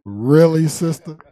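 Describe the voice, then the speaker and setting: A male preacher with a fairly high voice that swings widely up and down as he teases the crowd. He laughs a lot and stretches key words out slowly. He directs a reader through scripture with short commands. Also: dark tone. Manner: laughs often and calls on a reader to recite verses. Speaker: preacher and teacher. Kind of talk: humorous street sermon.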